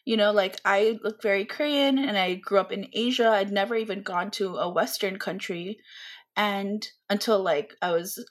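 A woman's voice: medium pitch, normal speed. A young woman with a North American accent, chatting as a podcast guest, thinking aloud with plenty of fillers and restarts. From Philippines. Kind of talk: casual interview chat.

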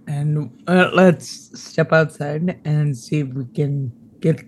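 A man's voice: on the high side, fairly even intonation, measured pace, hardly any pauses, a little hiss or hum. A man playing a tabletop game, laying out a tactical plan and stepping out of character to explain himself. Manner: planning tactics, mixes in-character whispers with out-of-character asides. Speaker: player.

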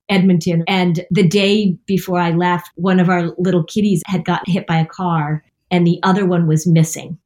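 A woman's voice: on the low side, darkish tone. A middle-aged woman telling self-deprecating stories in a casual chat, laughing often.

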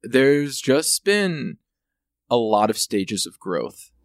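A man's voice: mid-range voice, sing-song, slow pace, no echo, clean studio sound. A man talking in casual podcast chat as a guest, heartfelt and rambling with many fillers.

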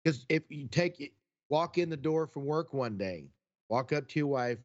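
A man chatting casually on a podcast, folksy and rambling as he reflects aloud. His voice sits at an ordinary pitch for a man. The audio is a little dull and lo-fi. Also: normal speed. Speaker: podcast co-host. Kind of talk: casual chat.

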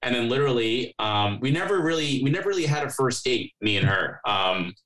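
A man's voice: mid-range voice, lively intonation, fairly quick, a bit bright, poor audio. A man guest on a podcast, chatting casually and telling rambling stories full of fillers and acted-out dialogue. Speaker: podcast guest, company co-founder. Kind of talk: casual chat.

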